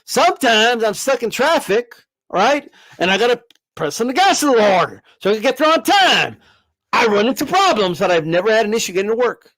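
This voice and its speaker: A man's voice: extremely high pitch, big pitch swings, a little fast, a bit bright, dry recording. A man hosting a boxing livestream, ranting in a brash, profane, emphatic way and repeating himself for effect. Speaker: boxing channel host. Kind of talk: livestream rant.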